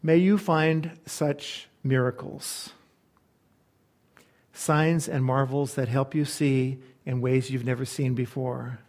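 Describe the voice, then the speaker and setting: A man preaching a sermon, telling a story slowly and earnestly, then softening into quiet reflection. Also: mid-range voice, fairly even intonation. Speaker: pastor. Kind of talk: sermon with a read-aloud story.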